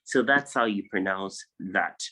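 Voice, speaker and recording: A man's voice: low-pitched, unhurried, bright, forceful tone, rough recording. A man with a Nigerian English accent, teaching a pronunciation lesson over a video call and patiently repeating each word so students can drill it. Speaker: English tutor.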